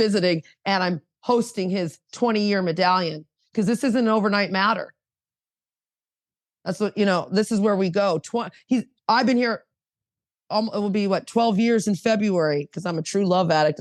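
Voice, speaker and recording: A woman's voice: mid-range voice, no room sound, clean studio sound. A woman in her fifties sharing her recovery story at an online meeting, fervent and emotional, firing off rhetorical questions over a video call. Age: 50s.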